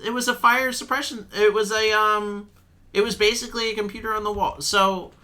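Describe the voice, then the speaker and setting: A young man chatting while he plays a game, telling a rambling, animated story and swearing freely. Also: high-pitched, a little fast. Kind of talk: casual storytelling chat.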